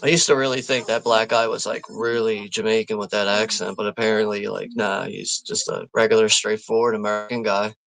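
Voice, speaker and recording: A man's voice: on the low side, little pitch movement, fairly quick, vocal fry, few pauses, fairly bright tone, poor audio. A man hosting a live watch party stream, chatting casually and rambling, with lots of fillers, restarts and easy chuckles. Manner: easygoing, chuckles often.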